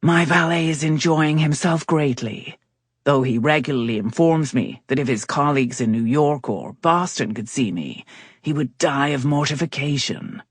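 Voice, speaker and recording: Forbidding, irritated gentleman, read by a woman, very low voice, dry close sound. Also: expressive, normal speed, husky, dry recording. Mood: curt. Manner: curt, clipped. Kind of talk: audiobook character reading.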